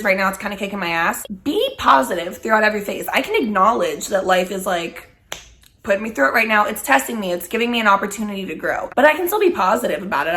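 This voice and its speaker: Twenty-something girl rambling candidly at her camera, swears a lot, mid-pitched voice. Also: a bit bright. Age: 20s. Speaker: vlogger. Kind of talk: casual chat while smoking.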